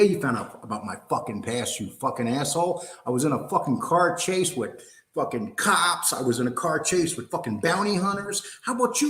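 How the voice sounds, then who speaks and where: A man's voice: medium pitch, fairly bright tone. Profane, combative older man ranting. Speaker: host. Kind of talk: angry livestream rant. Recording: roomy echo.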